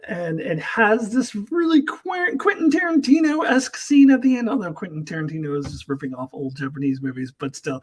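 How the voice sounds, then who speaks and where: A man's voice: on the high side, breathy edge, rough recording. A man giving a rambling, casual spoken review of TV episodes, with frequent fillers and laughs.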